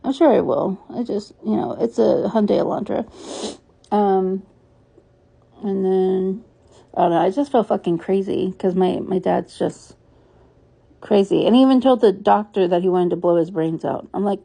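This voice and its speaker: A woman's voice: medium pitch, moderate pace, creaky, warm tone. A woman vlogging in a rambling, candid, frazzled way, swearing freely as she talks. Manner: weary, frazzled. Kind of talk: casual vlog monologue.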